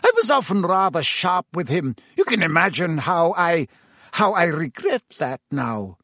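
A man's voice: fairly high pitch, sing-song, a little slow, sharp tone, no echo, voice pushed up, heavily acted. A stern older woman professor, as a male reader puts her on, clipped and prim. The voice is raised a little above his own and sounds dry and close. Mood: rueful.

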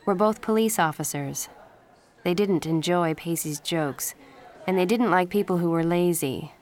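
Woman reading a story, lowish voice. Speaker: storybook reader. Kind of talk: scripted narration.

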